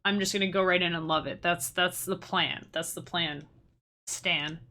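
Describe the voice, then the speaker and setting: A woman's voice: fairly low pitch, fairly even intonation, moderate pace, bright, forceful tone. A woman streamer and musician chatting casually with her viewers, rambling and restarting her sentences, laughing often. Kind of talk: casual livestream chat with viewers.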